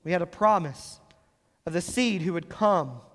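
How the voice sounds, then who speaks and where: A pastor with a high, lively voice preaches a sermon, reading scripture and explaining it with emphatic rises. He slows and lifts his voice on key words to stress them, and the sound rings with a long reverb through a church sanctuary.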